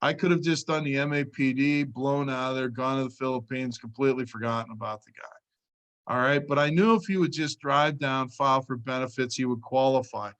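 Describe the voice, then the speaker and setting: A man's voice: mid-range voice, steady tone, a little fast, fairly bright tone. A man training insurance agents, telling a client story in a casual way and often checking in with "all right.".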